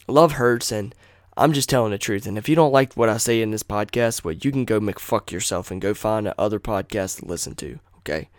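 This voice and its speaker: A man hosts his own podcast alone and vents in a blunt, heated rant full of swearing. His voice has an ordinary, middle pitch. The sound is close and dry. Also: no echo. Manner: angry, profane, blunt ranting. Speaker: podcast host.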